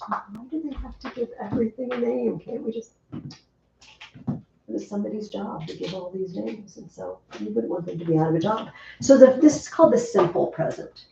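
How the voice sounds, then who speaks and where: Woman teacher, animated and mellow-toned, heard from a distance in a dull, roomy classroom recording. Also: medium pitch, gravelly, slight background noise. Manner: lively, chatty teacher asking the class questions. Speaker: Latin teacher. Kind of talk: classroom lesson.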